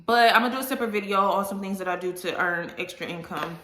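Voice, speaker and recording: In an echoey room, a woman vlogger and content creator talks straight to her viewers in a candid, emotional, casual way. Her mid-range voice is fast and fairly bright.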